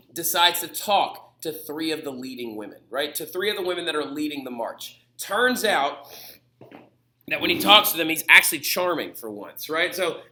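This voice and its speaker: A male history teacher giving a lively lecture video, telling history as an animated story with put-on voices. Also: fairly high pitch.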